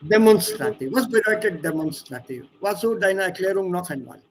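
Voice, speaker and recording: A man teaching a German class on a video call, explaining grammar in an animated way. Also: high-pitched, a little fast, slight background noise. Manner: animated, explaining, switching between English and German. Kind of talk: online language lesson.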